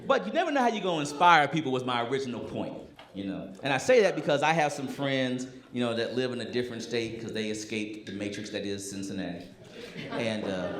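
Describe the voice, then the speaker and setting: A man performing a stand-up comedy set on a club stage, telling stories with animated energy and slipping into brash rants. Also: mid-range voice. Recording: echoey club room with audience noise.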